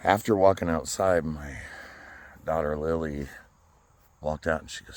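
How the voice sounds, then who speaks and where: A man speaking in a personal vlog outdoors, talking earnestly and haltingly, often repeating words as he restarts. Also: extremely low pitch, steady tone. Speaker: vlogger. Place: outdoors by a flagpole.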